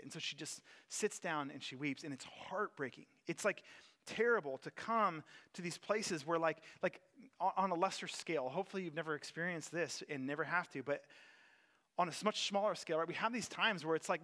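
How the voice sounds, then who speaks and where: Young male preacher, conversational and bright, reads scripture then talks it through casually. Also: high-pitched, a little fast. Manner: conversational, retells scripture in everyday paraphrase. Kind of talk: casual sermon with scripture reading.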